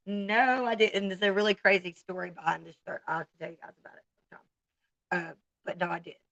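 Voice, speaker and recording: A woman's voice: lowish voice, steady tone, fast, creaky, fairly bright tone, dry recording, lo-fi sound. A woman in her forties with a Southern US accent, chatting bluntly and candidly to viewers on a casual livestream. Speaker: livestream host.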